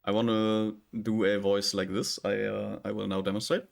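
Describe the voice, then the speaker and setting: A man's voice: fairly low pitch, level tone, moderate pace, vocal fry. A man, a native German speaker, streaming as a VTuber and chatting casually over gameplay, hesitant with many restarts and fillers. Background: loud game music.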